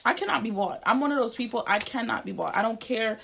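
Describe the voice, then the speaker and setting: A woman's voice: a little high, fast, creaky, a bit bright, slightly rough. A woman in her twenties co-hosting a podcast, talking in a blunt, emphatic, profane casual chat. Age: 20s. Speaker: podcast co-host.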